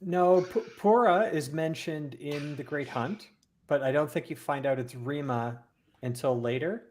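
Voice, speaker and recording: A man's voice: fairly high pitch, measured pace, darkish tone, slight background noise. A man in a casual fan discussion, explaining story details at length. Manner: detailed, explanatory lore talk. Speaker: podcast panelist.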